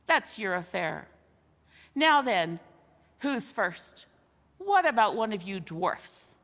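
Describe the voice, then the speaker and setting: A woman's voice: medium pitch, very animated, slow pace, a bit bright, exaggerated voice. A woman voicing a scheming, jeering old male ape in a storybook reading, with a mocking, bossy manner. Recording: long hall reverb.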